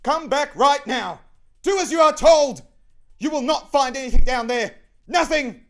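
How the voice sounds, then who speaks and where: A shrieking, enraged policewoman barking orders at the top of her lungs, her voice soaring far above a man's natural range, as a man puts her on. She stays high, strained and loud. The delivery swings wildly in pitch as she hollers. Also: animated, a little slow, full character voice. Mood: furious shouting. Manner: shrieking, shouting commands. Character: furious shrieking female police constable.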